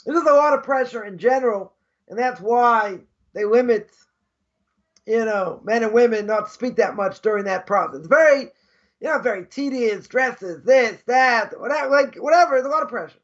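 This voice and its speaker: Rabbi guy with a really high voice telling stories in class, kinda dull lo-fi audio. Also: animated, moderate pace. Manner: chatty, anecdotal, repeats phrases for emphasis. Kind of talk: informal Torah class with storytelling.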